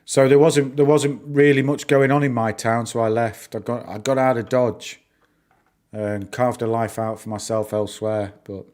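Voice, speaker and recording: A man's voice: medium pitch, fairly even intonation, moderate pace, a little mellow. Chatty northern English man streaming. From northern England. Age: middle-aged. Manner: chatty, rambling, answers chat, lots of fillers. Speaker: livestream host. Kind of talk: casual live-stream chat.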